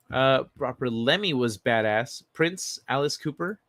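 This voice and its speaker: A man's voice: medium pitch, animated, unhurried, hardly any pauses, a bit bright, no echo. A man hosting a casual livestream, reading an article and chat messages aloud and chatting loosely with frequent fillers and the odd swear word. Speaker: livestream host.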